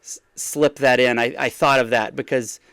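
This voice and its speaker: A man's voice: mid-range voice, fairly even intonation, normal speed, fairly bright tone, clean tone, dry recording, studio quality. A man hosting a podcast in casual chat, talking in a rambling, hesitant way with many restarts. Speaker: podcast host.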